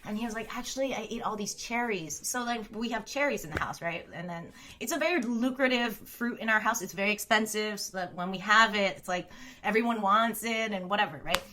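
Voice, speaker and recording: A woman's voice: medium pitch, fairly quick, sharp tone, a little hiss or hum. A woman chatting candidly and casually, telling stories to her viewers with frequent laughter and many fillers. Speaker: streamer and storyteller. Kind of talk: casual unfiltered storytelling chat.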